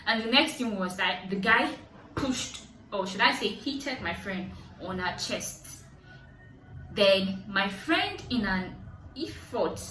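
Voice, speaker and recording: A young adult Nigerian woman with a Nigerian accent, vlogging, telling a story with lively, high-pitched outbursts when she quotes people. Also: distant mic, a little hiss or hum. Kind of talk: animated storytelling. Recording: echoey room, voice set back from mic.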